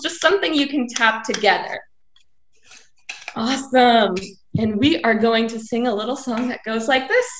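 A woman, a children's librarian, leading a live video session for kids with animated chants, songs and movement games. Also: high voice. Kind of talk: kids' story and activity time. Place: home, live video stream. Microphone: video call. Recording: echoey room.

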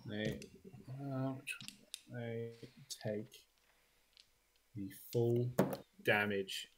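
A man running a tabletop game as dungeon master, talking in a relaxed, halting way full of ums. His voice sits at an ordinary pitch. A faint noise and clicks run under it. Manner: relaxed, hesitant with many ums.

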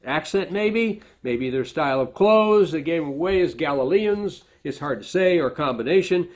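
A man's voice: fairly high pitch, normal speed. A middle-aged man giving a sermon, earnest and often correcting himself, voice rising as he quotes speakers. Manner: earnest, self-correcting, animated when quoting. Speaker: pastor.

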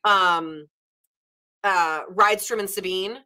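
Bright-voiced chatty woman. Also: medium pitch, slow pace. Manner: chatty, many "like" and "um" fillers. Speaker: book club co-host; former literature teacher. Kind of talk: casual book discussion.

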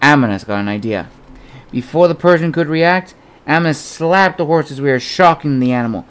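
A man narrating an adventure novel as an audiobook in a steady storytelling manner. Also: a little high, normal speed, smooth.

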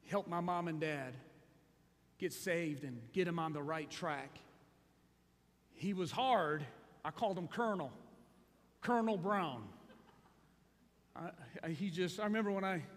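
A male pastor preaching a sermon, moving from hushed storytelling to shouted exhortation. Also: high voice. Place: large church hall. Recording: echoey hall.

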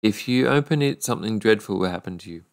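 A man voicing a gentle, sorrowful young sea princess in a storybook reading, speaking softly and pleadingly. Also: on the low side, lively intonation, fast, creaky. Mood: solemn warning. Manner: soft, pleading.

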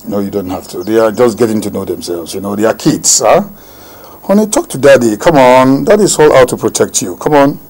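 An actor playing a middle-aged father who calmly reassures his daughter and wife. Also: lowish voice, fairly quick, rough recording. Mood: reassuring. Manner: calm, reassuring. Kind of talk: film drama dialogue.

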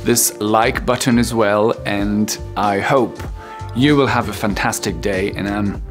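A French-speaking man teaches English in a loose, unhurried video lesson, pausing often on ums and restarting his sentences. When he acts out example phrases, his voice jumps up high before settling back down. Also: faint music behind. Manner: relaxed, hesitant with frequent ums and restarts.

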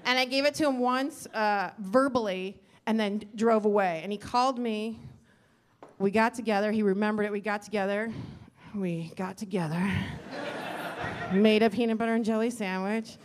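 A woman's voice: medium pitch, fairly even intonation, brisk, background noise. A middle-aged woman doing a stand-up comedy set on a club stage, rambling and self-deprecating, acting out quotes. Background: audience laughter.

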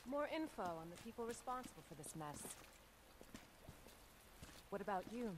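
A woman's voice: fairly high pitch, sing-song, moderate pace. A guarded female spy, dry, curt, sarcastic, game audio, noisy background. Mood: cool. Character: cool, guarded female spy in her thirties. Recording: game audio under gameplay noise.

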